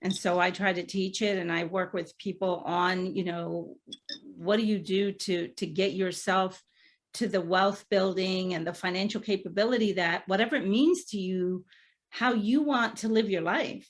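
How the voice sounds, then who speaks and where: A woman's voice: medium pitch, moderate pace. A woman financial coach in conversation, affirming and encouraging toward her client.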